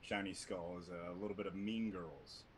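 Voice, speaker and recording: Husky laid-back male comedian. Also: sits low, fairly even intonation, normal speed. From Tacoma area, Washington. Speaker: comedian guest. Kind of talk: casual comedic chat.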